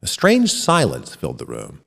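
A male storyteller reads a short story with a lively, rising and falling voice. He belts out the characters' shouts. The voice rings with a long reverb, as in a hall. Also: rumbling low, moderate pace, gravelly. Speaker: narrator. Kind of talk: scripted narration of a short story.

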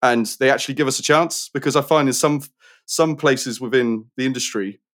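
A British man talking casually in a middle-pitched voice, loose and rambling. He circles his point with plenty of fillers and friendly asides, easygoing rather than polished. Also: a little fast, fairly bright tone. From Britain. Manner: chatty, rambling, many fillers and restarts. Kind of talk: casual conversation.

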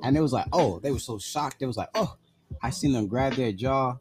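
A man's voice: medium pitch, brisk, over music. A man casually telling a personal story, blunt and profane, full of "like" fillers.

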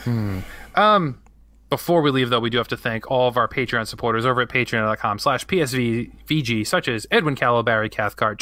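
A man's voice: mid-range voice, pushed and bright, no echo. A man hosting a gaming podcast, bantering casually with his co-hosts and teasing them. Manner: jokey, quick to tease. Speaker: podcast host. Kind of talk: casual banter and show outro.

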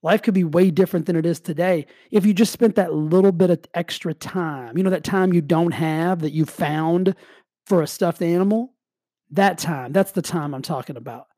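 Casual, energetic motivational man. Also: fairly high pitch, moderate pace, no room sound, studio quality. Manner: energetic, casual, heavy use of "like". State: slight cough. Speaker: motivational speaker. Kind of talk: motivational monologue.

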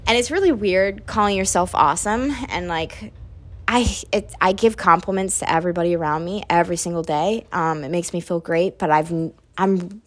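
A woman's voice: on the low side, moderate pace. A young woman hosting a podcast, talking casually and emotionally, laughing through tears and swearing freely. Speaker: podcast host.

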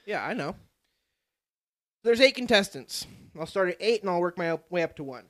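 A man's voice: high-pitched, expressive, normal speed. A young man hosting a podcast, telling a story in casual chat and swearing freely. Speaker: podcast host.

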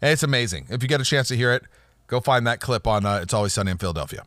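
A man's voice: medium pitch, expressive, rapid-fire, a bit bright, dry recording, studio quality. A man hosting a solo podcast, rambling and ranting with profanity and jokes. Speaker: podcast host.

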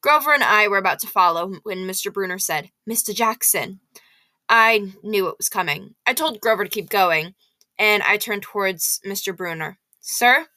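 A woman reading a novel aloud in the first person, lively and expressive. Her voice is bright and forward. The sound is dry and close, with no room echo. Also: mid-range voice. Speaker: audiobook reader.

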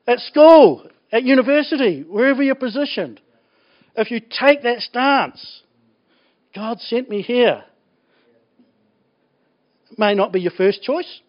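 High-voiced New pastor preaching. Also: male voice, unhurried. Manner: animated, laughs often, colloquial jokes. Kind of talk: sermon. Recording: dull lo-fi recording.

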